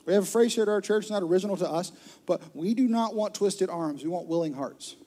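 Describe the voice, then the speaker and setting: A man preaching a sermon to his church, telling stories with lively, acted-out voices. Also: high-pitched, fairly quick. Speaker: pastor. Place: church auditorium with a live audience.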